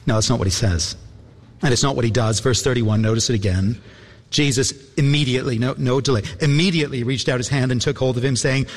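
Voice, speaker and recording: A man preaching a sermon, earnest and reflective, repeating phrases and pausing for effect. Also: medium pitch. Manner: earnest, reflective, with repetitions and dramatic pauses. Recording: long hall reverb.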